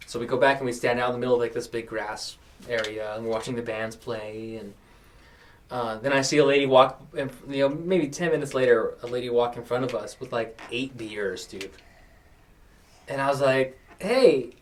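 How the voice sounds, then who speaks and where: A man's voice: medium pitch, moderate pace, recorded from a distance, slight background noise. A young man from New Mexico hosting a podcast, telling stories in casual chat and acting out the people in them. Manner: storytelling, acts out quoted people. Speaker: podcast host.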